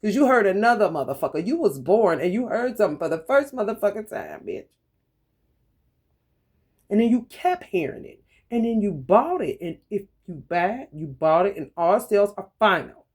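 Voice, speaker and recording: Woman tarot reader, loose profane delivery, animated, laughs often, mid-pitched voice, talks straight to camera. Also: normal speed, breathy edge. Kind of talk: casual profane tarot reading monologue.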